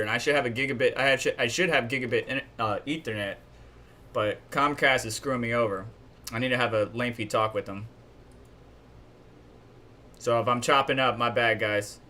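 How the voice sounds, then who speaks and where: A man hosts a live stream from a home setup, running through the news in a loose, conversational way. His voice sits at a middle pitch, and he talks bluntly, griping openly as he goes. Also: normal speed, pauses often, bright, forceful tone. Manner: chatty and blunt, complains openly.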